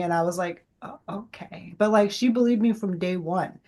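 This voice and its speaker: A woman's voice: mid-range voice, expressive, brisk, hardly any pauses, a little mellow. A woman in her forties, a guest chatting casually in an interview, rambling with many fillers and acting out past conversations.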